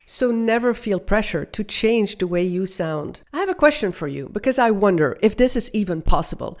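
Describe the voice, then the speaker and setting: Non-native woman host, upbeat and emphatic, coaching viewers with pauses. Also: medium pitch, animated, a little mellow. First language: not English. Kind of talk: presenting a video lesson.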